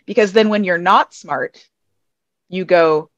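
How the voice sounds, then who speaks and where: An American woman talks through an idea on a podcast, circling and restarting as she goes. Her voice sits a little low for a woman. It comes across dry and slightly dull, like a lo-fi recording. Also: slow pace, dry recording. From United States. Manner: rambling, restarting thoughtful explainer. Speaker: podcast guest. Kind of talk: casual podcast discussion.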